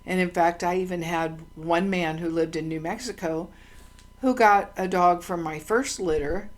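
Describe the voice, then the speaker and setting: A woman's voice: fairly low pitch, normal speed. A woman hosting her own channel, telling personal stories in a casual, meandering way with many ums and restarts, earnest and heartfelt. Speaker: channel host. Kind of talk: casual personal storytelling monologue.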